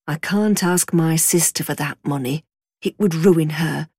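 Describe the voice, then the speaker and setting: A woman reading a storybook, voicing a worried father who mutters quietly to himself. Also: low-pitched, unhurried, husky, dry recording, clean studio sound, voice pushed down, exaggerated voice. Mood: brooding. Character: worried father deep in thought.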